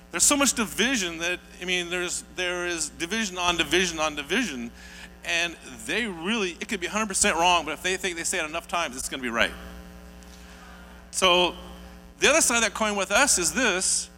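Man, preacher, sermon, bright voice, slightly high, earnest and emphatic, reverberant hall. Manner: earnest storytelling, rising to emphatic peaks. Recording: hall reverb with faint mains hum.

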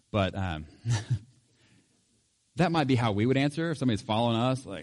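A man's voice: fairly low pitch, moderate pace, pauses often, darkish tone. A middle-aged man giving an informal Bible teaching in a conversational way, with chuckles and fillers.

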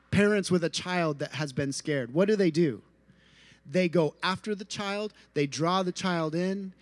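A man preaching a sermon at an outdoor tent gathering, earnest, moving between soft hushed passages and rising emphatic ones. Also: on the high side. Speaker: pastor.

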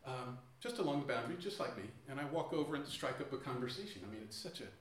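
A man telling a funny personal story on stage, self-mocking, with many halting restarts. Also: medium pitch, animated. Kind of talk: live storytelling to an audience. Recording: echoey room, distant mic.

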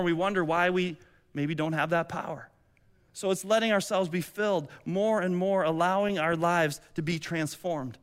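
A man's voice: high voice, normal speed, a bit bright. A man pastor giving a sermon in a conversational, chatty way, with many asides and restarts.

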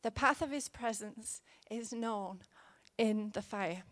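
A woman's voice: fairly high pitch, slow, no room sound. Earnest woman preaching in a dry close sound. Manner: earnest, gently conversational, with filler words. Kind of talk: sermon.

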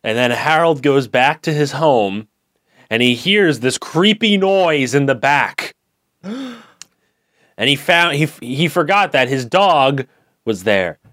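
A man co-hosting a casual podcast, telling a rambling, deadpan improvised story while recording from bed under the covers. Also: medium pitch, slow pace, no room sound, clean studio sound. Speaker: podcast co-host.

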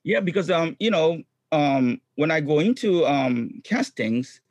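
Man, middle-aged, upbeat, halting, dry close sound. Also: fairly high pitch, lively intonation, darkish tone, dry recording. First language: Japanese. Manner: upbeat, frequent ums, non-native phrasing. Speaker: guest, clown comedian and actor. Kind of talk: casual interview chat.

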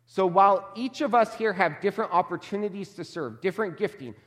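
A man's voice: high voice, fairly bright tone. Emphatic male pastor in a reverberant hall. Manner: emphatic, measured, slows for stress. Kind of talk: sermon.

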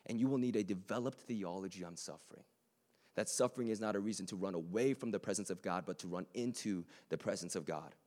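A man's voice: low voice, fast talker, darkish tone. A man preaching a sermon to a live room, earnest and conversational, with joking asides to the audience.

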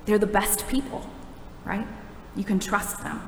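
A woman's voice: mid-range voice, fairly even intonation, measured pace, a little hiss or hum. A woman preaching a sermon in a conversational, wry, self-deprecating way. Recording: echoey hall from a distance.

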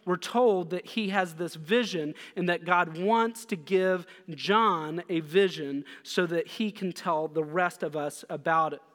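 A man preaching a sermon who reads scripture slowly and softly, then explains it with quick restarts. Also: sits high, long reverb tail. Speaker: pastor.

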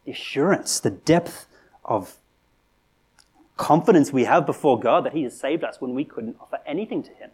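A man preaching a sermon in a conversational, earnest way, asking rhetorical questions and rising to animated emphasis. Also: medium pitch, moderate pace, breathy edge. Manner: conversational with frequent restarts and "right?".

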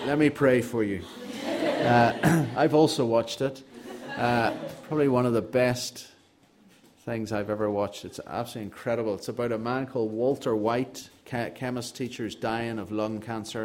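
A man's voice: lowish voice, a little mellow. A man preaching an expository sermon, earnest and emphatic, with a dry sense of humor.

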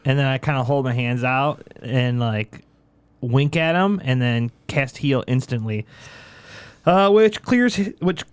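Playful cocky player, dry sound. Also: male voice, mid-range voice, a little slow, clean tone, no echo. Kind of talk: casual game chat.

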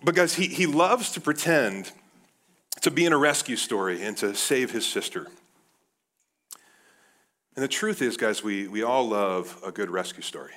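Animated man preaching a sermon. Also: medium pitch, moderate pace, pauses often. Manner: animated, addresses the crowd as guys. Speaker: pastor.

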